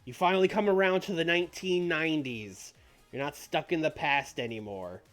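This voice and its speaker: A man plays a smug young wrestler talking down to his old man, a bit higher than his usual voice. He stumbles and restarts as he goes, and faint music sits under him. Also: normal speed, fairly bright tone, lightly acted. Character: cocky young male wrestler, the legend's son.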